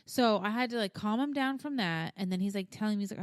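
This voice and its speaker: Fast-talking and mid-range in pitch, a thirtysomething podcast co-host swears freely as she rambles through a frank, casual conversation. Her audio is clean studio sound without any echo.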